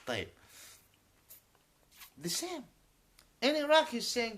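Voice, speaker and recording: A man's voice: high voice, wildly swooping pitch, a little slow, pauses often, bright, forceful tone, breathy edge. A man whose first language is Arabic, ranting emphatically in an unscripted video and repeatedly swearing that he is telling the truth, switching between English and Arabic. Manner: emphatic, indignant, swears to his honesty. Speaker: YouTuber. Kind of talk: unscripted vlog rant.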